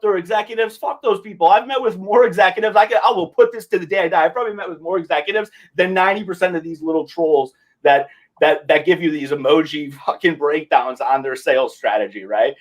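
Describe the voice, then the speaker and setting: A man's voice: high-pitched, quick pace, poor audio. A young man chatting casually on a podcast, laid-back, full of slang and swearing. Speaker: podcast host. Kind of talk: casual chat.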